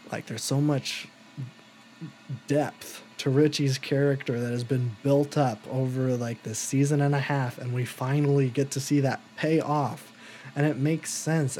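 A man talking casually on a podcast, his voice mellow and soft-edged. He rambles on with enthusiasm, stringing thoughts together in long, loose runs while his pitch sits right in the middle. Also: slight background noise. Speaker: podcast co-host. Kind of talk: casual chat reviewing TV shows.

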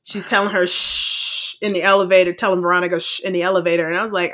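A woman co-hosts a podcast and recaps a film in loose, profane chat, acting out her own reactions along the way. Her voice is bright and clear, at a middle pitch. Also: little pitch movement, quick pace, hardly any pauses. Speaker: podcast co-host. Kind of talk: casual movie recap chat.

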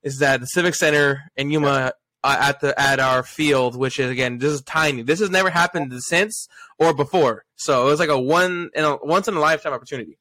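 A young man hosts a podcast in an eager, chatty way, wandering into asides and filling pauses with "like" and "uh." His voice is bright and forward, recorded dry and close. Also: on the high side, dry recording. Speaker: podcast host. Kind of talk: casual podcast chat.

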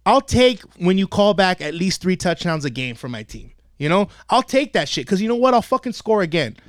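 A man with a high, bouncy voice tells a story full of swearing on a comedy podcast. He acts out everyone in it and gets worked up as he talks. He is recorded dry and close in a studio. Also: a little fast, no room sound. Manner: animated, swears constantly, acts out quotes. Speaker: podcast host and youth football coach.

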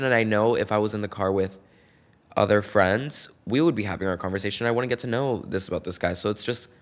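Campy, animated young man with a low voice. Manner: animated, swings between loud bursts and soft asides; campy, gossipy and playful. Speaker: podcast host. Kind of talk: casual solo podcast chat.

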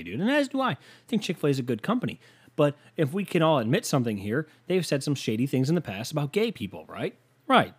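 A man hosting a podcast, ranting casually in a heated, sarcastic, profane way and rambling through stories with lots of filler words. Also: mid-range voice. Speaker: podcast host.

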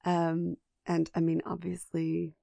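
A woman's voice: fairly low pitch, monotone, slow, vocal fry, dark tone, dry recording, clean studio sound. A woman co-hosting a podcast, chatting enthusiastically about a film with lots of restarts. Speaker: podcast co-host. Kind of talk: casual film discussion.

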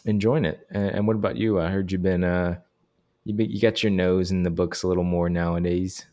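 A man's voice: low voice, fairly even intonation, a little fast, dark tone. A young man chatting casually about books in an easygoing, hesitant way, with many fillers. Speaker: podcast co-host.

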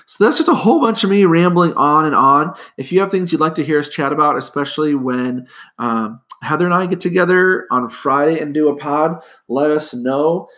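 A man's voice: a little high, moderate pace, a bit bright. A middle-aged man hosting a casual school podcast, rambling with lots of fillers. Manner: rambling, filler-heavy, friendly. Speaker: school principal and podcast host.

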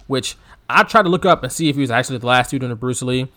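A man's voice: mid-range voice, very fast. A man co-hosting a casual wrestling podcast, telling stories with laughter and acted-out quotes. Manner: animated storyteller, laughs often, acts out quotes. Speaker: podcast co-host.

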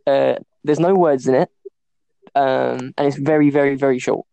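A young man hosting a casual podcast, telling lively stories, often laughing and acting out the voices of the people in them. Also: mid-range voice, moderate pace, gravelly, clean tone, dry recording. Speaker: podcast host. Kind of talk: casual chat.

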